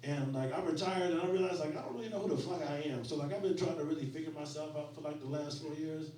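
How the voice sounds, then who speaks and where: A man's voice: fairly high pitch, fairly even intonation, quick pace, dark tone, a little hiss or hum. A man in his forties telling stories in a loose, profane, conversational way during a stand-up set at a small venue. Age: 40s. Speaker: stand-up comedian. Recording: roomy club sound, mic at a distance.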